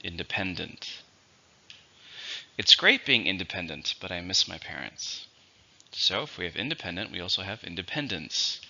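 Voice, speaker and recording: Deep-voiced man teaching vocabulary slowly. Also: very animated, bright, forceful tone. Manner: slow, clear, patient dictation. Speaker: English teacher. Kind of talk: vocabulary lesson. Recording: dull lo-fi recording.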